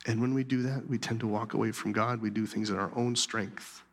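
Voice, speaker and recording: A man preaching a sermon as pastor, animated and then dropping to soft whispers for emphasis. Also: fairly low pitch, a little fast, gravelly, in a large hall.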